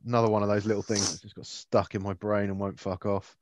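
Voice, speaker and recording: A man's voice: lowish voice, level tone, fast talker, a little mellow, no echo. Sweary English man chatting. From England. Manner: sweary, laid-back banter. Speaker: podcast co-host. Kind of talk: casual chat.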